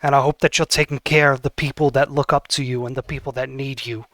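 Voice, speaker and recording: A man voicing the ghost of a roguish old father who speaks fondly and haltingly to his son. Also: medium pitch, steady tone, a bit bright, dry recording, lightly acted. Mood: tender.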